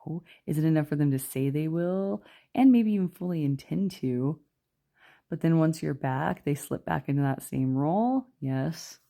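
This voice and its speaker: Woman tarot reader, gravelly and dark-toned, hushed and chatty. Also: low voice, normal speed. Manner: chatty, rambling, lots of fillers; talking quietly. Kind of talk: casual spoken tarot reading.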